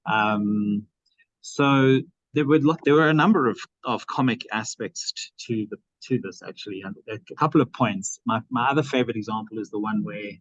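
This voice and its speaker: A man's voice: fairly low pitch, normal speed, dry recording. A man chairing an academic seminar and giving comments, hesitant, with many fillers and restarts. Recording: dry, dull lo-fi sound.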